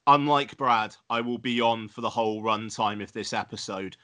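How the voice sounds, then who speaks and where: A man's voice: fairly low pitch, moderate pace, bright, forceful tone. A man co-hosting a podcast, rambling and emphatic in casual banter, swearing freely. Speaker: podcast co-host.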